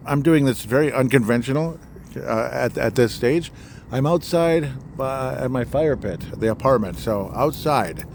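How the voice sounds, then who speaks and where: A man from Minnesota hosting a solo sports podcast, rambling and sarcastic with lots of fillers, recorded outdoors by a fire pit at night. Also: medium pitch. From Minnesota, USA. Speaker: podcast host. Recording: faint outdoor background noise.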